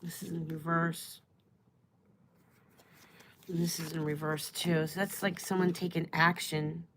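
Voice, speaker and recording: A woman's voice: low voice, little pitch movement, a little slow, noisy background. A woman giving a live-stream tarot reading, musing aloud and trailing off as she asks the cards questions. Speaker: tarot and astrology reader.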